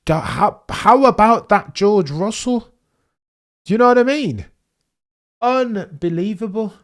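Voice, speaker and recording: A young man hosting a live race watchalong stream, chatting excitedly to his viewers. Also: sits high, takes it slowly. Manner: excitable, chatty, talks straight to chat. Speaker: livestream host watching a race.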